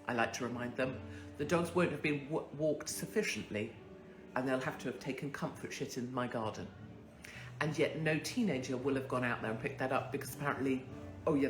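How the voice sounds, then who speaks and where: A woman's voice: rumbling low, lively intonation, brisk, roomy sound, over music. A woman hosting a casual monologue, ranting bluntly and swearing freely into a phone. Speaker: host.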